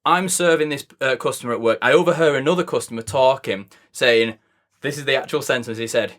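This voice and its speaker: A man's voice: mid-range voice, brisk, a bit bright. A young man guest-hosting a podcast, chatting casually, joking and laughing through his stories. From England. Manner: jokey, puts on silly voices in his stories, laughs often. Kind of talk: casual chat.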